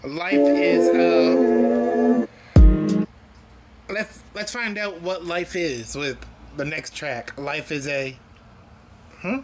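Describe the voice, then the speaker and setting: A man hosting a music reaction video, talking in an excited, earnest and chatty way as he tells stories between tracks. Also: fairly high pitch, slow pace. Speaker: music reaction channel host. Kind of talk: casual reaction commentary.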